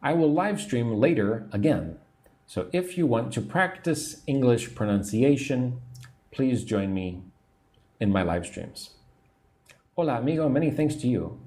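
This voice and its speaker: Slow, patient man teaching English. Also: medium pitch, lively intonation, a little mellow. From United States. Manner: slow, patient and repetitive, explaining words simply. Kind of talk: livestream English lesson, reading chat comments.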